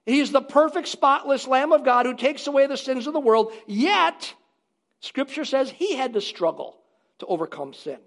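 A man with a strikingly high voice preaching to his congregation. He is emphatic and drives points home by repeating short phrases. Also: expressive, normal speed, a bit bright. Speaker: pastor. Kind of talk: sermon.

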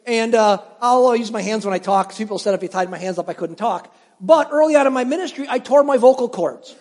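A man's voice: extremely high pitch, fast. Middle-aged male pastor preaching in a reverberant church. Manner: conversational, animated storytelling with questions to the congregation. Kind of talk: sermon. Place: church sanctuary. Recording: long hall reverb.

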